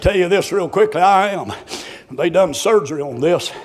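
A man preaching a sermon, shouting and chanting with folksy stories, short of breath. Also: sits high, normal speed.

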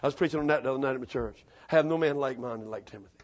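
A man preaching a sermon, fiery and shouting at the climaxes of his stories. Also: medium pitch, rapid-fire. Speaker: pastor.

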